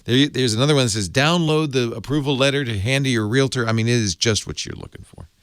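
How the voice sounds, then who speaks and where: A man hosting a tech podcast, reading a lively sponsor pitch and chatting casually with playful asides into a studio mic. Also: quick pace, clean tone, dry recording. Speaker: podcast host. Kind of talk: ad read and casual chat.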